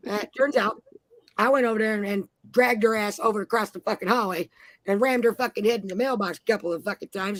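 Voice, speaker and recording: A woman's voice: mid-range voice, no echo. A woman in her forties telling brash, profane stories in a casual chat. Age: 40s. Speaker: panel host.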